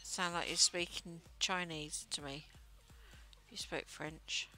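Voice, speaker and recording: A woman's voice: low voice, steady tone, takes it slowly, pushed and bright. A woman livestreaming while she knits, chatting casually in a rambling way with plenty of fillers. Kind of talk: casual chat while knitting. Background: faint music.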